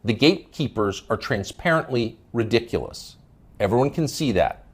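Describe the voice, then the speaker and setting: A man's voice: mid-range voice, animated, moderate pace, breathy edge. A man hosting a news commentary show, delivering a scornful, emphatic opinion monologue.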